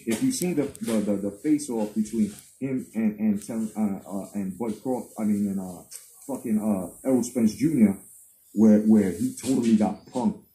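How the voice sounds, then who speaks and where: A man's voice: lowish voice, moderate pace, warm tone, slight background noise, rough recording. A man hosting a live stream about boxing, ranting in a heated, profane way, swearing constantly and hammering the same points again and again. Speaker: boxing commentary host. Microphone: live-stream webcam mic.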